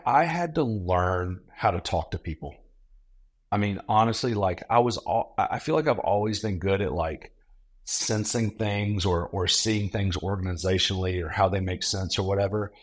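A man in his thirties, a pastor guest on a podcast, telling stories in a lively casual way and acting out quoted lines. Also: fairly low pitch. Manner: animated storyteller, acts out quotes.

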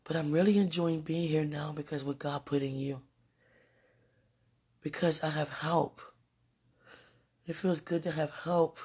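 A woman's voice: deep voice, fairly even intonation, measured pace, long pauses, darkish tone, breathy edge. A woman hosting a podcast, talking casually and directly to her partner, laughing often. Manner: chatty, laughs often, talks straight to the listener. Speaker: podcast host. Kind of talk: casual monologue addressed to a partner.

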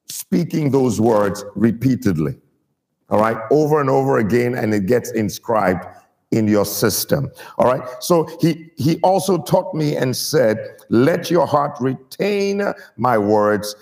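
A man's voice: mid-range voice, darkish tone, in a large hall. A man preaching a sermon to his church, stressing key words and getting the people to repeat them. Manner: emphatic, draws out key words and gets the congregation to repeat.

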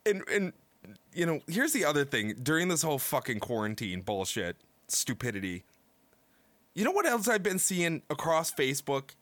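A man co-hosting a casual podcast, ranting loudly and laughing often. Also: on the high side, moderate pace, dry recording. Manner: loud, animated ranting with frequent laughs. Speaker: podcast co-host. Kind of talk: casual profane podcast banter.

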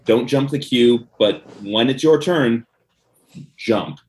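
A man's voice: medium pitch, slow, a little mellow. A man co-hosting a podcast in casual chat, joking, laughing often and rambling with fillers. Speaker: podcast co-host.

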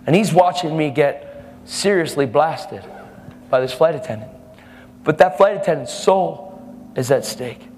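A man's voice: a little high, animated, a little slow, pauses often, a little mellow, slight background noise. A man preaching a sermon, telling a testimony story in a fervent, emphatic way. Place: church service hall. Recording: reverberant hall.

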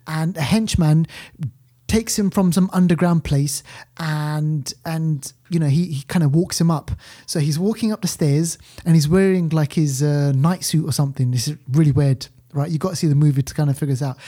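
A man hosting a film podcast in loose, animated chat. His voice is mellow and relaxed. He rambles through a story with plenty of restarts. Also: a little high. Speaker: podcast host, film reviewer. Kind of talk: casual chat.

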